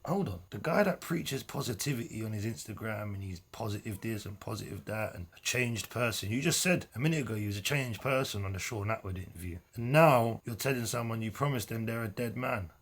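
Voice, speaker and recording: A man's voice: fairly low pitch, animated, brisk, few pauses, husky. A man hosting a reaction video, mocking and sarcastic, swearing freely as he comments. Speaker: commentary channel host.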